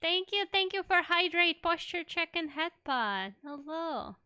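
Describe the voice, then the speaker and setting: High bright Russian-accented woman streamer. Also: big pitch swings, unhurried. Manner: chatty, playful, reacts aloud to the game. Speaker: VTuber streamer. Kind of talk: casual game stream chat.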